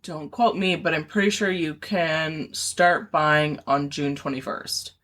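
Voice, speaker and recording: Woman in her 30s, podcast co-host, bright clear tone, rambling casual chat, lots of fillers. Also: deep voice, steady tone, unhurried. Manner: rambling, with many fillers and restarts.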